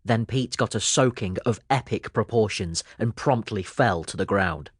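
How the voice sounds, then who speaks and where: A man narrating a children's audiobook in a lively storytelling manner. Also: on the low side, normal speed, husky, no room sound, clean studio sound.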